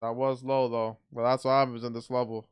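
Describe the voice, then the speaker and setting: A man giving blunt, excitable play-by-play commentary on a boxing match as he watches it live. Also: mid-range voice, a little fast, clear, resonant tone.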